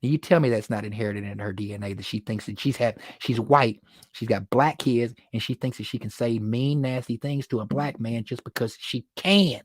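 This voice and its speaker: A man hosting a casual livestream, telling stories in an excitable way, laughing often and repeating words when worked up. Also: medium pitch, moderate pace, no echo, clean studio sound. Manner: animated, excitable storytelling with frequent laughs. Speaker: livestream host.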